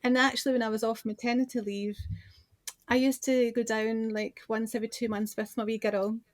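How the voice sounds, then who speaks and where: A woman's voice: fairly high pitch, level tone, fairly quick, no room sound. Scottish woman in her forties, dry close sound. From Scotland. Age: 40s. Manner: chatty storyteller with many restarts. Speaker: guest, business owner and designer. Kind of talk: casual interview chat.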